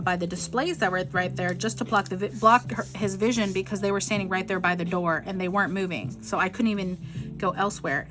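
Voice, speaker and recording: A middle-aged woman telling a rambling, frustrated story in a casual vlog, full of likes and ums. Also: mid-range voice. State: frustrated, near tears. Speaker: vlogger.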